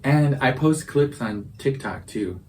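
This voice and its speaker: A man's voice: mid-range voice, expressive, unhurried. A man co-hosting a casual podcast over drinks, talking emphatically with playful mock indignation. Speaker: podcast co-host. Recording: distant mic with faint background noise.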